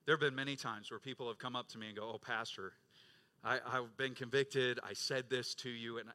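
A middle-aged male pastor preaching a sermon, rising to loud emphatic peaks and dropping to quiet low stretches, acting out quoted voices. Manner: acts out quoted voices of congregants and Jesus.

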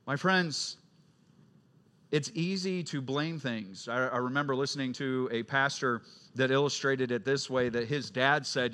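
Bright-voiced man preaching with emphasis. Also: medium pitch, a little slow. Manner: swings from loud emphatic questions to quiet storytelling. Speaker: pastor. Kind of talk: sermon.

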